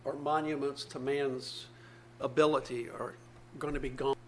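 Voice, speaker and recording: A man's voice: mid-range voice, little pitch movement, moderate pace, slight background noise. A man, probably older, preaching a sermon, reading scripture aloud and explaining it earnestly with repeated phrases.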